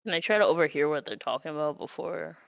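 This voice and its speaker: Woman, tabletop player, lower voice, casual, indecisive, lo-fi dry mic. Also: animated, fast, gravelly, dry recording. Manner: casual, indecisive, self-correcting. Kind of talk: tabletop game play. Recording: dull lo-fi mic.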